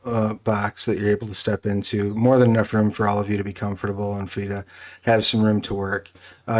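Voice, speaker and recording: A man narrating as game master of a tabletop role-playing game, relaxed and halting, with many fillers. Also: lowish voice.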